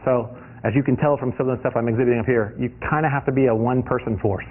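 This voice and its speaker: Fast-talking man telling anecdotes. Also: mid-range voice. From US East Coast. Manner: lively, anecdotal storytelling with frequent restarts. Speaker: guest lecturer, industrial designer. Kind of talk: lecture with personal anecdotes. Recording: tinny lo-fi recording.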